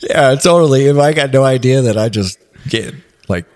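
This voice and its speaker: A man who is an adaptive athlete, telling stories in a relaxed podcast chat with frequent laughter. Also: mid-range voice, normal speed. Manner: laughing, animated storyteller. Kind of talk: casual storytelling.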